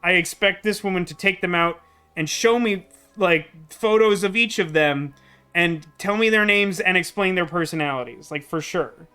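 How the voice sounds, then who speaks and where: Young male let's play host, casual and rambly, bright, slightly high voice. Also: moderate pace, smooth, soft background music. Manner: chatty, rambling with many fillers. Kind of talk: casual gameplay commentary.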